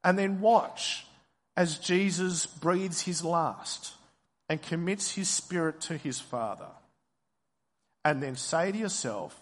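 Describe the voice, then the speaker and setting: Slow, deliberate man preaching in a hall. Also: on the high side. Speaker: pastor. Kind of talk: sermon.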